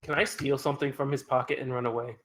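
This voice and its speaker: A man playing in a tabletop game, mischievous and deadpan. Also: mid-range voice, quick pace, slight background noise. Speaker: player. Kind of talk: casual tabletop play.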